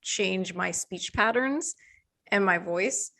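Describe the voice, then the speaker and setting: A woman's voice: mid-range voice, slow, vocal fry, pushed and bright. A woman guest in a casual chat, talking with lots of fillers and frequent laughs.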